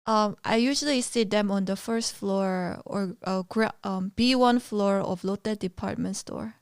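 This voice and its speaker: A woman from Korea co-hosting a podcast, talking quickly and casually with lots of "like" fillers. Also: mid-range voice, clear, resonant tone, no echo, studio quality. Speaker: podcast co-host. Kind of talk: casual chat.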